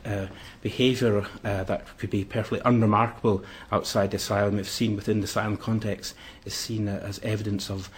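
Guy giving a history lecture, kinda low voice, lots of uhs, faint noise in the back. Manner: hesitant, many "uh" fillers.

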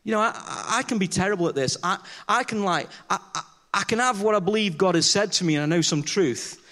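A man's voice: high voice, a little fast, bright, forceful tone. A man preaching a chatty, humorous sermon in church, telling self-deprecating stories and acting out the dialogue as he questions the congregation.

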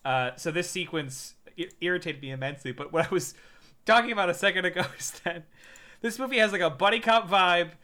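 A man's voice: sits high, fast talker, pushed and bright. A man co-hosting a casual movie review podcast, exasperated and emphatic, stumbling over his starts. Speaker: podcast co-host.

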